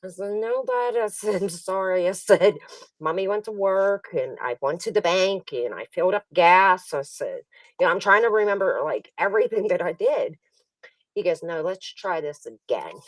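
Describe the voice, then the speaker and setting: A middle-aged woman hosts a casual stream and spins a family story with lots of laughter. Her pitch jumps around as she acts out the scenes. She sits back from the mic in a dry room. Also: animated, normal speed, no echo, recorded from a distance, poor audio. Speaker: livestream host.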